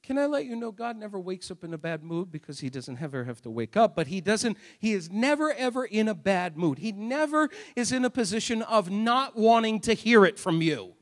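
A male pastor preaching a sermon in a church, talking conversationally with rhetorical questions and loud, emphatic bursts. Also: high-pitched, very animated, brisk, hardly any pauses. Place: church sanctuary. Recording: long hall reverb.

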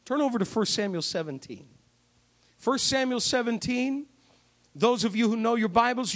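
A man preacher delivering a sermon, retelling a Bible story with animated, jokey storytelling. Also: sits high.

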